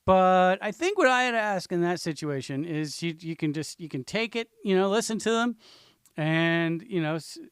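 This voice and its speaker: A man hosting a comedy podcast, playful and halting with lots of fillers. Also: high voice, lively intonation, fairly bright tone, clean tone, dry recording, studio quality. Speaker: host. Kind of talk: casual comedy podcast chat.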